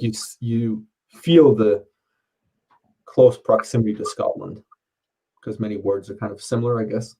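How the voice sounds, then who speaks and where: A man's voice: mid-range voice, a little mellow, a little hiss or hum, rough recording. A man chatting casually at home, rambling, swearing and laughing often. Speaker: streamer. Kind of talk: casual chat. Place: home, under curfew.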